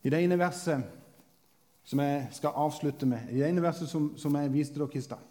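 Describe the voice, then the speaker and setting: Mellow-voiced male preacher. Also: a little high. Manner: slow, deliberate, with long pauses. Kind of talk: sermon.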